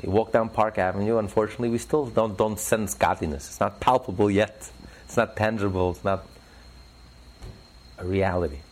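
In an interview, a man teaches religious ideas in a preacherly style, his pitch jumping sharply for emphasis as he acts out voices in his stories. His tone is otherwise steady and his pace moderate, and the audio is poor.

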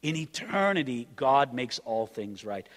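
A man's voice: medium pitch, sing-song, unhurried, fairly bright tone. A man preaching an expository sermon as pastor, reading scripture and pressing the congregation with emphatic rhetorical questions. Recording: long reverb of a large room.

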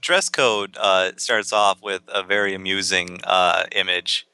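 A man co-hosting a podcast, reading out facts in a relaxed way with many ums and uhs. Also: sits low, measured pace, clear, resonant tone, dry recording. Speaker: podcast co-host. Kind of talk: casual chat reading aloud.

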